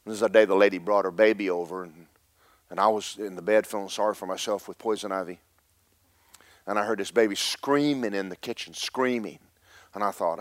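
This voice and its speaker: A man preaching a fiery Pentecostal sermon in church, telling stories and building to emphatic, shouted points. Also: on the low side, brisk, no echo.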